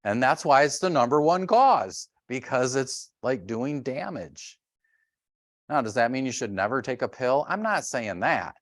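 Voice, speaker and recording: A middle-aged man leads a health workshop with lively, animated stories. He acts out sounds and little voices as he goes. His voice sits at a middle pitch and is recorded close and dry. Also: measured pace, no room sound. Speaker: chiropractor giving a workshop.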